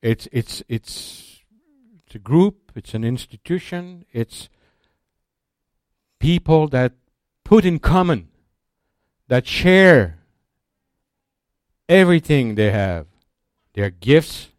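A man teaching a sermon in a slow, deliberate, emphatic way, restarting his phrases often. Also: medium pitch, lively intonation, no room sound, studio quality. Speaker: Bible teacher.

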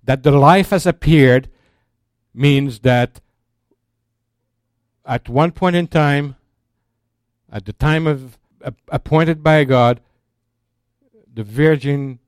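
A man teaching a sermon in a slow, deliberate, emphatic way, restarting his phrases often. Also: mid-range voice, a little mellow, no room sound, clean studio sound. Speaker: Bible teacher.

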